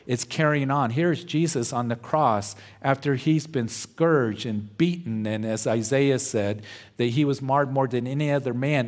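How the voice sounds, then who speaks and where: Brief: male pastor, mid-pitched voice, measured verse-by-verse sermon delivery. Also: darkish tone. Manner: slow, deliberate, verse-by-verse teaching. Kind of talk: expository sermon.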